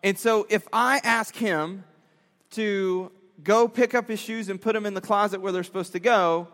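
A man, a father, telling a story to young listeners in an animated way, acting out quotes and laughing often. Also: sits high, long reverb tail. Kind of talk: storytelling talk.

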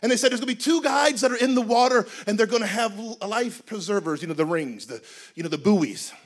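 High-voiced man preaching with comic animation. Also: quick pace. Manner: animated, comic, with bursts of shouting. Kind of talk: storytelling sermon.

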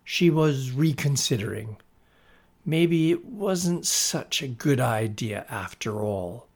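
Slow, gravelly male storyteller. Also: medium pitch, lively intonation. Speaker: narrator. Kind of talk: storybook reading.

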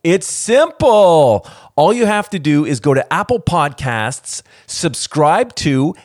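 A man co-hosting a casual podcast, making jokey deadpan wisecracks and silly guesses. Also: a little high, slow, no echo, studio quality. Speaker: podcast co-host.

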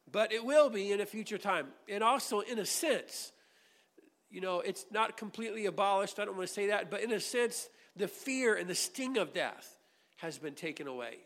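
A man's voice: high voice, a bit bright, big-room sound. A man preaching a sermon as pastor, earnestly explaining scripture and reading verses aloud, often repeating his words.

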